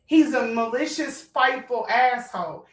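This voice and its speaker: A fired-up woman with a fairly high voice and rants to her viewers. She is blunt and profane, and her emotional telling rings in an echoey room. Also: normal speed, far from the mic. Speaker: vlogger. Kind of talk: heated storytime rant.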